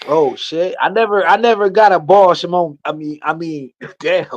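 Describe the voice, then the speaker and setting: A man's voice: fairly high pitch, moderate pace, highs cut off, slight background noise. A man on a live online panel, joking and boasting with stammering restarts. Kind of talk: casual chat.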